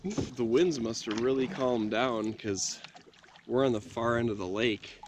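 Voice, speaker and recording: A man's voice: medium pitch, a little slow. Laid-back man narrating outdoors. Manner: laid-back, easygoing, chatty. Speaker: wilderness camping vlogger. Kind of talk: casual outdoor narration to camera. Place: outdoors on a lake in the wilderness. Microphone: camera mic outdoors. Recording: noisy outdoor camera audio.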